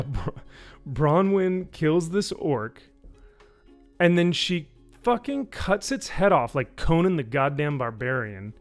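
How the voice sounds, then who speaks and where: A man giving a casual spoken review, rambling and swearing, with lots of fillers. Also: mid-range voice. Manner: rambling, profane, with frequent fillers. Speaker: YouTube reviewer.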